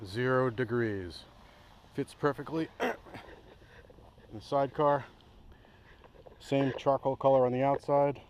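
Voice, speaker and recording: A man's voice: medium pitch, slow, pauses often, a little mellow, a little hiss or hum, low-quality recording. A man walking through his hammock setup outdoors in a casual vlog, enthusiastic and rambling, often breaking off mid-sentence. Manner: enthusiastic, rambling, self-interrupting. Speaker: outdoor gear reviewer. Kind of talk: casual gear demo vlog. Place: outdoors by a hammock among trees.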